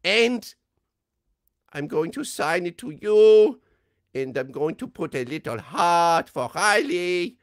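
A man doing the Medic, a shrill, gleeful army doctor. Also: very animated, slow, no room sound, clean studio sound, exaggerated voice. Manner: booming, sing-song, gushing.

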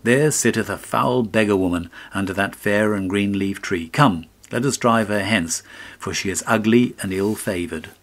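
A man's voice: lowish voice, normal speed. An actor reading an audiobook, voicing a young boy who sneers at a beggar. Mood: sneering. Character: mocking young boy, companion.

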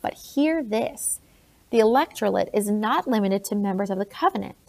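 A woman reading an audiobook, voicing a blunt, grave older colonial gentleman in her own plain voice. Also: mid-range voice, lively intonation, normal speed, creaky.

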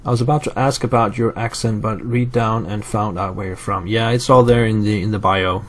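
A man's voice: fairly low pitch, fairly even intonation, fairly quick, slight background noise. A man from Europe casually commenting on his gameplay, thinking aloud with fillers and answering live chat. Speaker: let's play host.

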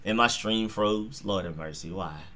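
A man hosting a live football reaction stream, talking straight to his chat in an excitable, slangy way. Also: lowish voice, a little slow.

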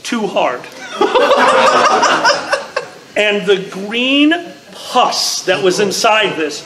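A man co-hosting a live podcast, telling a story with lively acted-out quotes. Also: high-pitched, very slow, very noisy. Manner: animated storyteller, acts out quotes. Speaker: podcast co-host. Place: large convention room before a live audience.

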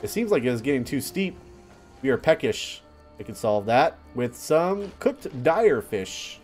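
Excitable young man doing game commentary. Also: medium pitch, measured pace, soft background music. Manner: excitable, yelps and laughs at surprises. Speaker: let's play host. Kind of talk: casual gameplay commentary.

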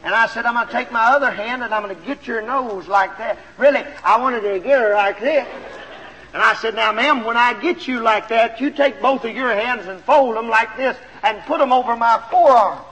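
A man with a very high, bright, forceful voice preaches a sermon. He tells a story with lots of animation and urges his listeners on. The sound is an old 1970s LP recording from a church auditorium, with a long reverb and faint hiss. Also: normal speed.

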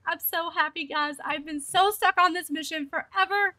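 A young woman live-streaming a game, chatting to viewers and talking excitedly, often laughing. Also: very high-pitched, brisk, few pauses. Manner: excited, laughing, breathless with joy. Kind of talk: live-streamed gameplay chat.

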